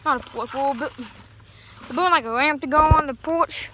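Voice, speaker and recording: A woman's voice: high-pitched, moderate pace. A young woman vlogging as she picks corn, chatty and rambling as she talks to her viewers, out of breath, holding her phone in one hand. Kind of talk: casual vlog. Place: outdoors in a cornfield. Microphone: phone held in one hand. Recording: noisy outdoor phone recording.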